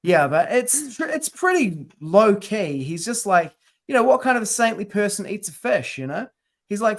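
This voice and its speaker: A man's voice: sits high, very animated, moderate pace. A man co-hosting a podcast, chatting casually and telling stories with slang and mock quotes. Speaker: podcast co-host. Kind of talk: casual chat.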